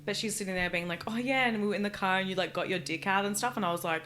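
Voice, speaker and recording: An Australian woman, a guest comedian, talking in a casual, animated podcast chat full of fillers and swearing. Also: medium pitch, rapid-fire, a little hiss or hum.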